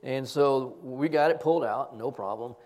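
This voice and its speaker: A man's voice: mid-range voice, normal speed, a little mellow. An older man preaching a sermon, asking rhetorical questions and telling self-deprecating stories with humor. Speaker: pastor.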